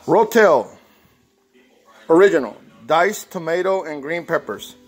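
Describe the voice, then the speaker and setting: A man's voice: on the high side, animated, a little slow, faint music behind. A man from Texas with a Texan accent, casually talking through a recipe at his workplace in a rambling, folksy way full of fillers. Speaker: mechanic shop worker sharing a recipe. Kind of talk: casual how-to vlog.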